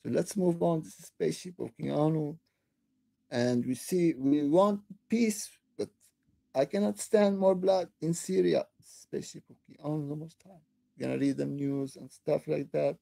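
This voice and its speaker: A woman hosting her own channel, delivering an impassioned, upset political rant that breaks into shouting and halting restarts. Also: deep voice, vocal fry, no echo. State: upset, near tears. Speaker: online channel host. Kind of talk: angry political rant to camera.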